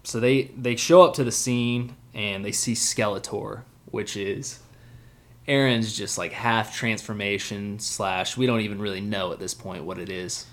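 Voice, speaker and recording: A man with a lowish voice talks through an anime episode with his co-host. His tone is casual and blunt, and he cracks jokes about the characters as he goes, sometimes doing their lines in quick asides. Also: steady tone. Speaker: podcast co-host. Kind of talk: casual anime recap chat.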